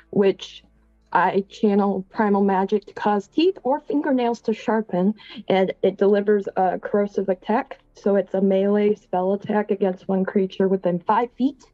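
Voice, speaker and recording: A woman's voice: mid-range voice, mellow, dry recording, muffled recording. A woman playing a tabletop game, hesitant and full of ums, with chatty asides. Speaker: player. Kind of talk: casual tabletop game play.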